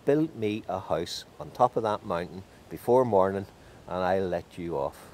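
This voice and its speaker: Guy playing a gruff lord, deep and curt. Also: expressive, normal speed, a little mellow, a little hiss or hum. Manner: curt, commanding. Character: stern noble male lord, gruff.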